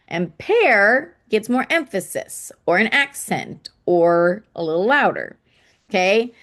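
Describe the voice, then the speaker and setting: A woman explaining poetry to children in a casual teaching manner, often checking in with "okay?" and tapping out rhythms aloud. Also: mid-range voice.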